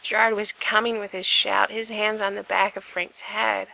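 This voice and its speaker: A woman narrating a story aloud in an unhurried, intimate reading style. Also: medium pitch, level tone, vocal fry, sharp tone, poor audio. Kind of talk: reading fan fiction aloud.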